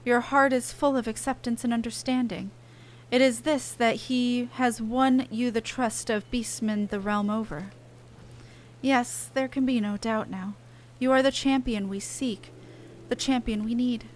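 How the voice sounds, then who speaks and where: An actress voicing a mysterious, earnest young woman in a video game cutscene, speaking in a halting, pleading way. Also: on the high side, steady tone, slight background noise, natural voice. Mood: remorseful. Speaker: game character.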